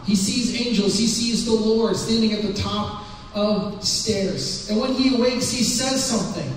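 A man with a fairly high voice gives a sermon and retells the story in relaxed, everyday words. He is heard from a distance in a church hall with long reverb and some faint background hiss. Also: measured pace. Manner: retells the story in a casual, conversational way. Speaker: preacher. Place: church sanctuary.

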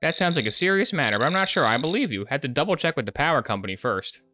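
A woman's voice: low voice, very animated, fast talker, bright, forceful tone, dry recording, clean studio sound, faint music behind, heavily acted. A computer voice of a woman playing a polite, wary elderly neighbor in a game, speaking with prim, sugary courtesy. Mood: doubtful. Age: older. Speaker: game character.

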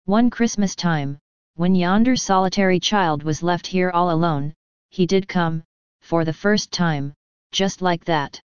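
A woman reading the part of a gentle ghost of past Christmases, soft and knowing. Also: fairly low pitch, a little slow, smooth, no room sound, muffled recording, natural voice.

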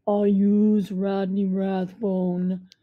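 A woman voicing a huge, deep-voiced male gangster henchman who talks slowly and bluntly in a storybook reading. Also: flat delivery, no echo, narrow, tinny audio. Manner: slow, blunt street talk.

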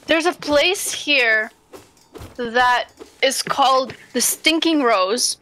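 A woman with a high, bright voice chatting casually beside a gaming host. She teases her friend and talks straight to the viewers in a lively, chatty way. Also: slow, soft background music. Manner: teasing, chatty, talks to the chat. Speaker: guest co-streamer. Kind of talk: casual chat.

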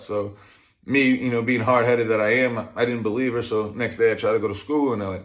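A man's voice: fairly low pitch, steady tone, brisk. A man in his thirties, a former pro football player, telling his life story in a conversational way, with many restarts. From Massachusetts, USA. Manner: conversational, with frequent restarts and fillers. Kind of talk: personal storytelling talk.

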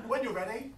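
A man hosting an improv show from a live theatre stage, his high, bright voice chuckling through halting instructions. He is picked up from a distance in an echoey room.

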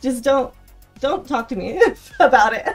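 A woman's voice: high voice, expressive, a little slow, faint music behind. A young woman streamer chatting casually with her viewers, giggling often.

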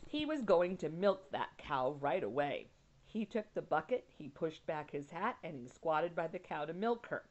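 Woman teacher reading a chapter book out loud, low voice, stops to explain words, muffled lo-fi sound. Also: big pitch swings. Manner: pauses to explain words with casual asides. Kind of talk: reading a children's novel aloud. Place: at home. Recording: dull lo-fi recording.

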